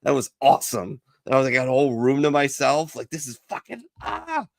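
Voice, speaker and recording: A man's voice: mid-range voice, fast, creaky, no echo. A man telling profane barracks stories in casual chat as a veteran podcast co-host. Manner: profane, storytelling with lively quoted voices.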